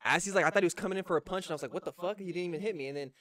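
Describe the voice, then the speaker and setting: Fast-talking young man telling a story. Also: high-pitched, a bit bright, no echo, studio quality. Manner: slangy, rambling, restarts often. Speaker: podcast co-host. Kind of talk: casual storytelling chat.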